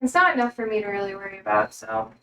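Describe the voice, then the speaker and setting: A woman's voice: medium pitch, huge pitch swings, fast, a bit bright, slight background noise, poor audio. An American woman cooking in her home kitchen on a live stream, chatting casually and answering her chat. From United States.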